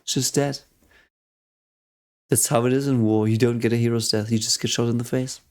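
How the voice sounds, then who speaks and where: A man hosting a reaction video, talking casually and excitedly, swearing often and thinking aloud. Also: mid-range voice, moderate pace.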